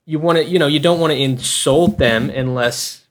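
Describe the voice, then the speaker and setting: A man co-hosting a casual podcast, giving practical advice in a relaxed way. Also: a little high, moderate pace. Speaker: podcast co-host.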